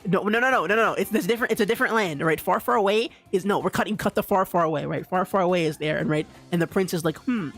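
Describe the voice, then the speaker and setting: A man's voice: sits high, racing, few pauses, fairly bright tone, soft background music. A young man streaming live, rambling casually and stammering through many restarts and repeats.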